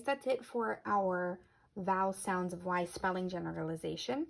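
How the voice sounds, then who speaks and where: Gravelly, husky woman teaching spelling. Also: fairly low pitch. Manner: patient, clear, slows down on example words. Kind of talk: recorded spelling lesson for children.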